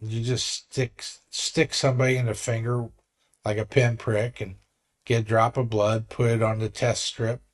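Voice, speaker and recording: A man's voice: mid-range voice, little pitch movement, normal speed. A man in his sixties, a vlogger telling a story in an earnest, rambling way with frequent restarts. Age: 60s. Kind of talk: casual vlog talk.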